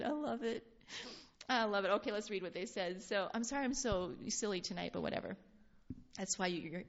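A woman leading an informal Bible study, reading scripture aloud and talking in an animated, laughing way. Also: mid-range voice. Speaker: Bible teacher. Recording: dull lo-fi sound.

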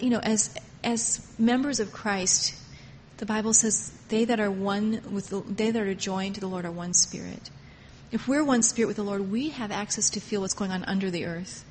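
A woman preaching a sermon with passion, swinging from hushed tones to loud cries. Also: medium pitch. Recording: long hall reverb, faint noise.

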